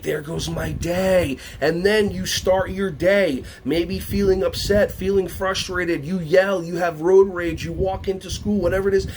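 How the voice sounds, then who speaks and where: An animated man presenting a workshop for teachers, his voice sitting slightly high. He questions the audience and jumps into playful voices when he acts out what others say. Faint ambience hums under the recording. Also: a little hiss or hum. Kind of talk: lively teacher workshop talk.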